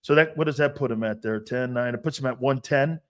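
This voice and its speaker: A man in his fifties talking football as a guest on a casual sports show, brash and joking, jumping between loud bursts and mutters. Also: medium pitch, brisk. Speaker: guest analyst.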